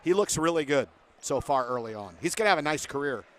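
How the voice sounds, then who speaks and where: A man's voice: on the high side, expressive, fast talker, a bit bright, a little hiss or hum. A man doing play-by-play for a basketball game from a broadcast booth, chatting with guests between plays. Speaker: play-by-play announcer.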